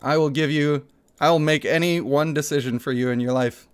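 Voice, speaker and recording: A man's voice: a little high, a little fast, clean tone. A young man streaming a mobile game, chatting casually with his viewers, reading donations aloud and laughing often. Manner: animated, laughs often, reads chat aloud. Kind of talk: casual gaming livestream chat.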